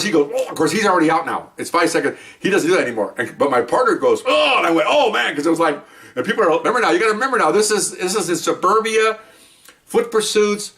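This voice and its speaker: A man's voice: on the high side, a bit bright, far from the mic. An older man, a retired police officer, casually telling a story from the job, acting out scenes with sudden yelps and laughter.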